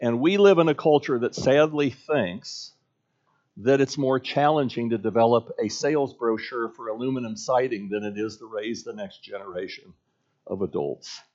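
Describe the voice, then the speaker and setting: A middle-aged male pastor giving an earnest sermon, using rhetorical questions and measured pauses. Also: mid-range voice, darkish tone, lo-fi sound.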